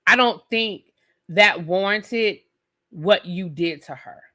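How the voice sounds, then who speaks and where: A woman's voice: medium pitch, slow pace, bright, forceful tone. A woman hosting a live stream who reviews a TV episode in an opinionated, sassy rant and talks straight to her viewers.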